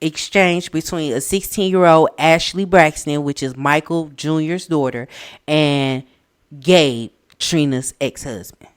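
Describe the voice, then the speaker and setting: A woman co-hosting a casual reality TV recap podcast, speaking in with a blunt, opinionated, animated manner. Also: low voice, a little slow, clear, resonant tone. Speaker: podcast co-host.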